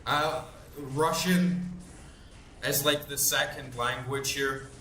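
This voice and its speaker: A man's voice: mid-range voice, fairly even intonation, slow, bright, forceful tone. A man in his thirties, a gaming channel host, chatting casually while playing, rambling with lots of fillers and swearing freely. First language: English. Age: 30s. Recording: roomy echo, faint background noise.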